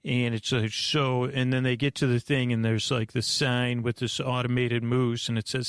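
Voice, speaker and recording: A man slowly recapping a movie plot at bedtime, meandering with lots of fillers and restarts. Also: mid-range voice, flat delivery, creaky, clear, resonant tone, no echo, clean studio sound. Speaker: host.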